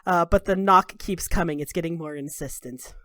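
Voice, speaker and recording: A woman's voice: fairly low pitch, moderate pace, fairly bright tone, no room sound, clean studio sound. A woman running a tabletop game as game master, narrating with a playful, giggly manner.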